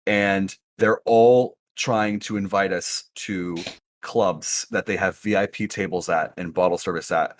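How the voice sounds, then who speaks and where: A young man co-hosting a podcast, telling a long story in an animated way and laughing often. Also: low voice, unhurried, dry recording, studio quality. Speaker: podcast co-host. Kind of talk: casual chat, storytelling.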